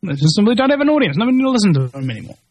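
A man rants in a high, tight voice. He rambles and keeps restarting his sentences. The sound is close and dry, with no room in it. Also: very animated, rapid-fire, a little mellow, husky, dry recording. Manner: agitated, rambling, full of restarts. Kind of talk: ranting monologue.

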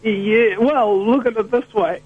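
High-voiced, husky New man ranting. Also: measured pace, narrow, tinny audio. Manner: emphatic, passionate, prone to ranting. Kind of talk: heated talk-show conversation.

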